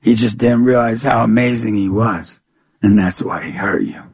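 A man with a gravelly, husky voice tells a story as an interview guest. He acts out the lines of dialogue in an animated way. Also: fairly low pitch, normal speed. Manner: animated storyteller who acts out dialogue, much "you know" and "I go". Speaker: guest, youth speaker.

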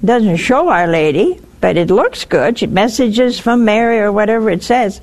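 A woman hosting a religious call-in show, teaching with lively storytelling and acted-out little dialogues. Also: medium pitch, moderate pace. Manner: animated storytelling, acts out dialogues. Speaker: host.

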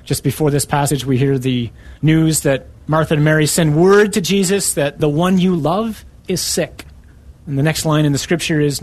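A man preaching a sermon, emphatic and punching key words with sudden rises in pitch. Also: normal speed, darkish tone.

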